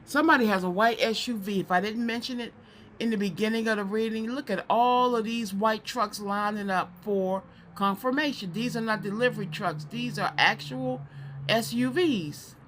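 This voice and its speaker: A woman's voice: on the high side, normal speed, slight background noise. Chatty woman giving a psychic reading. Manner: chatty, animated, repeats herself, slips into preaching. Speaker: psychic card reader. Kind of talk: casual card reading to camera.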